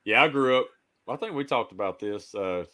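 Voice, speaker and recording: A man's voice: medium pitch, expressive, moderate pace, sharp tone. A man with a Southern US accent, co-hosting a casual podcast and telling jokey stories. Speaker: co-host.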